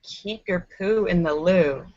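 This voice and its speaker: A woman hosting a casual live stream from a room at home, animated and giggly as she reads viewer comments. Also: lowish voice, slow pace. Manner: chatty and animated, giggles often. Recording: slightly muffled lo-fi.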